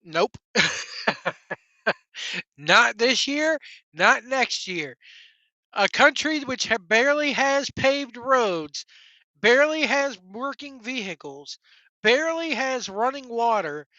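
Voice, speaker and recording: A wrestling vlogger vents his opinions in a blunt, sarcastic way, swearing casually. His voice is bright and forceful. The recording sounds dry and a little dull. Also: mid-range voice, lively intonation, takes it slowly, no echo.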